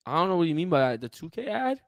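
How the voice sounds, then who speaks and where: Animated young man, playfully indignant. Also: a little high, fast, no echo, clean studio sound. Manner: playfully indignant, says "bro" a lot. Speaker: podcast co-host. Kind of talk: casual sports podcast chat.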